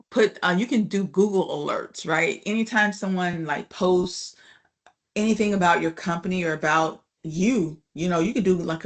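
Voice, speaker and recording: A woman's voice: fairly low pitch, gravelly. A woman instructor giving a casual online class lecture, chatty and often asking the class "right?" and "you know".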